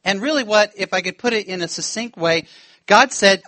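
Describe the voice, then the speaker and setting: Male preacher, high bright voice, dry close sound, lively storytelling sermon. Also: brisk, no echo. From United States. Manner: animated, laughing, acts out quoted voices. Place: church.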